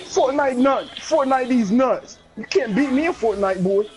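This high-pitched, animated gamer talks at a normal speed while calling an online fighting match live. The commentary is full of trash talk, with opponents taunted over and over in a sing-song, teasing tone.

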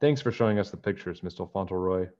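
A man's voice: low voice, quick pace, a little mellow, muffled recording, close to an everyday voice. A man voicing a curious young girl detective in a storybook read-aloud, in a raised, eager girlish voice.

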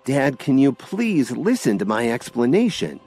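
A man's voice: medium pitch, sing-song, unhurried, warm tone, faint music behind, pitched above the performer's own voice. A man voicing an exasperated young woman pleading with her father. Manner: pleading, insistent.

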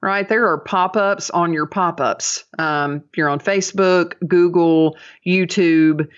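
A woman's voice: fairly low pitch, steady tone, slow. A woman guesting on a podcast as a dental business coach, talking in an upbeat, chatty way with many fillers. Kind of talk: casual podcast interview. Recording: dull lo-fi audio.

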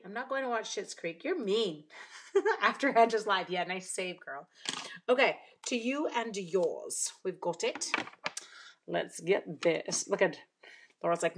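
A woman's voice: medium pitch, expressive, moderate pace, breathy edge. Chatty woman crafting live. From Canada. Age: middle-aged. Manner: chatty, laughs often, talks to herself while working. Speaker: stamping demonstrator host. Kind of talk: casual live craft demo chatting with viewers.

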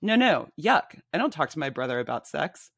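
A woman's voice: low voice, very animated, moderate pace, vocal fry, husky, dry recording, studio quality, heavily acted. A woman reading her memoir aloud, voicing a brash, blunt woman friend who bosses people around at a bar. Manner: pushy, blunt, bossy.

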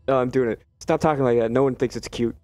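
A man's voice: mid-range voice, a little mellow, no echo. A man commentating his own gameplay, joking and sarcastic, talking back to game characters. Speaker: let's play host.

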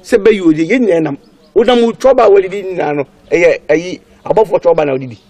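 A stern, husky family elder. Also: male voice, sits high, fast talker, a little mellow, no echo. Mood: lecturing. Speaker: actor in a film drama. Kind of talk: film drama dialogue.

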